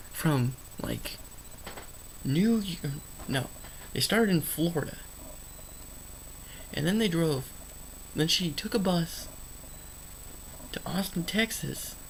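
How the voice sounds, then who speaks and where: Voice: medium pitch, lively intonation, takes it slowly, creaky, pauses often, slight background noise, low-quality recording. A vlogger rambling through an unscripted movie review, sarcastic and emphatic, often correcting themself mid-sentence. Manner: rambling, stream of consciousness, self-correcting.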